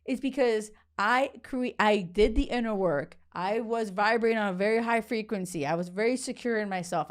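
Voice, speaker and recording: Podcast host, woman in her forties, dating coach, punchy and blunt, casual swearing, mid-range voice. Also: medium pitch. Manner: energetic, blunt, swears, repeats words. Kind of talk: casual motivational talk.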